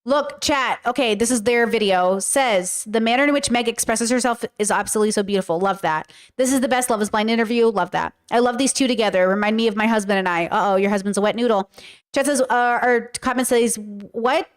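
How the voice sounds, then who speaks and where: A woman with a smooth, clear voice riffs casually through a reaction show. She talks straight to her chat and keeps a loose, scattered flow as she pulls up clips. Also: on the high side, a little fast. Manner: chatty, scattered, talks to viewers while clicking around. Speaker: reaction podcast host.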